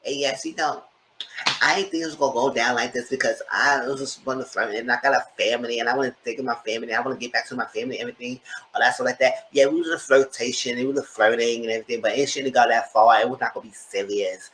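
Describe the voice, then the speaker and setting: A man voicing a timid, soft-spoken person who mumbles a rushed confession in a quiet, lower voice. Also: steady tone, a little hiss or hum, natural voice, rough recording. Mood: apologetic.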